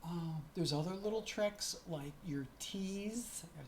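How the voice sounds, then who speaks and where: A woman's voice: low voice, takes it slowly, a little mellow, a little hiss or hum. A middle-aged woman chatting to camera in a casual vlog, often stopping to correct herself. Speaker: vlogger.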